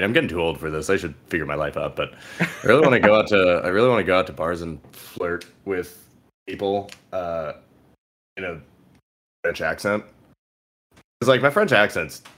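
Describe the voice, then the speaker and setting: A man's voice: low-pitched, a bit bright. A young man chatting casually as a podcast co-host, joking crudely and ranting with swearing. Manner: crude, joking, ranting, puts on silly voices in quotes. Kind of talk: casual chat.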